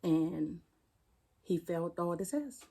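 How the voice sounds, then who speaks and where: Mellow-voiced D.C. woman recounting her loss. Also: on the low side, animated, gravelly, slightly rough. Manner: plainspoken, halting, retelling a painful loss. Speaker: interview guest, firefighter. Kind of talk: personal storytelling in an interview.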